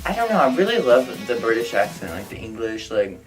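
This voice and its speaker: A man's voice: medium pitch, big pitch swings, fairly quick, poor audio. A young man chatting through a viewer Q&A for his vlog, open and outspoken, his talk full of "like" and "I don't know". A bit of music plays faintly behind him. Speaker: vlogger answering viewer questions. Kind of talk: casual Q&A vlog.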